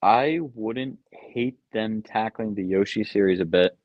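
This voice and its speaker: Low-voiced young man, casual stream chat. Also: unhurried, no room sound. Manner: relaxed, offhand, many ums and uhs. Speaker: streamer answering chat questions. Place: basement room at home. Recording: dull lo-fi sound.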